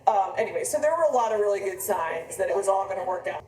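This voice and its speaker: A woman's voice: mid-range voice, fast talker, hardly any pauses, darkish tone, a little hiss or hum. A woman in her fifties, an author, telling a personal story in a rambling, conversational way with frequent restarts. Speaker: author on book tour. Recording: echoey room, mic from a distance.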